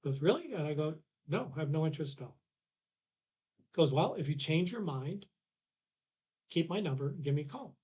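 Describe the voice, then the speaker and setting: Guy in his 60s rambling through an old story, voice a bit on the high side. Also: expressive, a little fast, pauses often, a little mellow, slightly rough. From Canada. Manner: rambling anecdotes with restarts, acts out quoted dialogue. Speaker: podcast guest. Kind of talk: casual storytelling.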